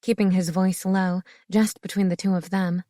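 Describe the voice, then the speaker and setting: A woman reading an audiobook narration in a steady, expressive way. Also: lowish voice, moderate pace, no echo, studio quality. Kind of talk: scripted narration.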